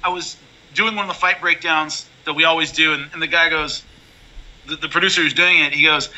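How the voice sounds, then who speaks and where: A man talking as a guest in a casual interview, blunt and animated, telling stories with many restarts. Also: a little high, fairly quick, rough recording. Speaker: MMA color commentator, guest.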